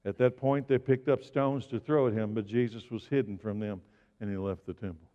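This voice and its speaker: A man preaching a sermon, swinging from loud exclamations to hushed, slow lines. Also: lowish voice, fairly even intonation. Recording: dull sound with long hall reverb.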